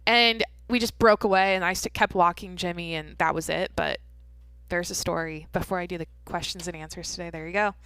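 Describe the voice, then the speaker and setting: A woman's voice: fairly low pitch, steady tone, fairly quick, a bit bright, clear, resonant tone, no room sound. A young adult woman hosting a podcast, telling a story in rambling casual chat, swearing freely with many fillers and restarts. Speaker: podcast host.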